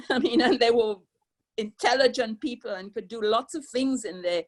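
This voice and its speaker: A woman's voice: a little high, normal speed, low-quality recording. An older woman, speaking as a caregiver guest on a webinar, earnest and conversational. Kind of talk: sharing personal experience on a webinar.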